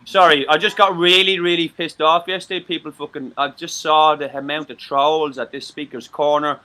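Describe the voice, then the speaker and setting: Irish man, forceful bright voice, somewhat high, rambling, profane, stammering restarts, casual live-stream chat. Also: fairly even intonation, moderate pace. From Ireland.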